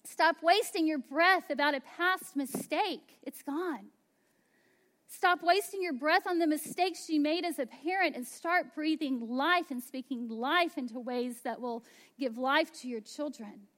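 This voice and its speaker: A woman in her thirties preaches a sermon as a pastor, speaking slowly and emphatically and dropping into hushed asides. Her voice sits high.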